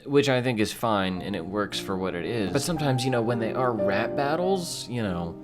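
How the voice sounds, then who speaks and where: A young man in his twenties rambles through casual commentary, swearing freely and tripping over his own restarts. His voice sits a bit low for a man. Clear music plays underneath him. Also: animated, moderate pace. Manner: rambling, profane, self-deprecating, many restarts. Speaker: video essayist.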